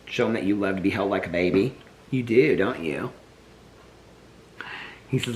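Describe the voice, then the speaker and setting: A man's voice: on the low side, moderate pace, a little mellow, slight background noise. A man vlogging casually at home, cooing to his puppies and rambling through stories. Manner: doting baby talk to his dogs, rambling asides. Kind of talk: casual daily vlog. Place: home, indoors.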